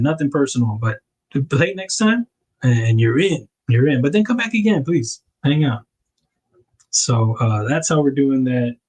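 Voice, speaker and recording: On poor audio, a man with a mid-range, darkish voice hosts a casual livestream. He narrates while packing things up, rambling and correcting himself with little laughs.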